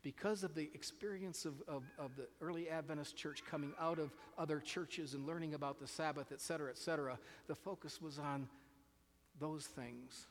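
A man with a slightly high voice preaches a sermon in an earnest, searching way. He often restarts his phrases, repeats words, and puts questions to his listeners. The sound carries a long reverb, as if he is recorded in a large hall. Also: fairly even intonation, moderate pace, slight background noise.

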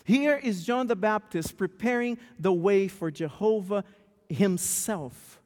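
Male pastor, high voice, animated storytelling, stumbling restarts, long hall reverb. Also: takes it slowly. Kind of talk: sermon with a storytelling opening.

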